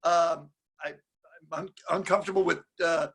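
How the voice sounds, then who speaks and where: High, gravelly man, halting speech. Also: fairly even intonation, fairly bright tone. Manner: halting, hesitant. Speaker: school board candidate. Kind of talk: candidate forum answer.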